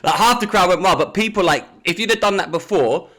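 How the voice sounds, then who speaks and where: A man's voice: high-pitched, fairly quick. Rambling man on a podcast. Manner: animated, rambling, many restarts. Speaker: podcast co-host. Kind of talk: casual chat.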